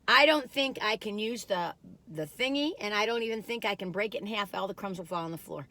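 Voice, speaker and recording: A woman's voice: mid-range voice, fairly quick, bright, forceful tone, no echo. Middle-aged woman, chatty food reviewer, rambling, giggly, casual. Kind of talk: casual chat while taste-testing.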